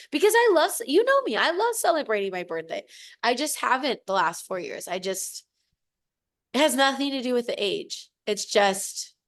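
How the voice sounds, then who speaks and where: A woman's voice: on the high side, fairly bright tone. A woman in her forties, a podcast guest, telling a personal story in casual chat, emotional and gushing, acting out what others said. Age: 40s.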